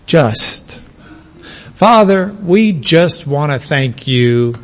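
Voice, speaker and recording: A man preaching a sermon to a congregation, teaching at an easy pace and bursting into loud shouted exclamations for emphasis. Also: a little high, expressive, drawn-out words, low-quality recording. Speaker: pastor.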